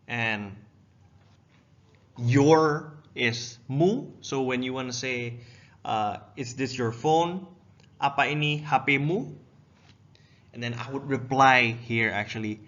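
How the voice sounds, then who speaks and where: A young man teaches a casual language lesson, walking through words one at a time and reading each aloud. His voice is bright and forceful, at a middle pitch. The recording sounds dull and lo-fi. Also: measured pace. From Indonesia.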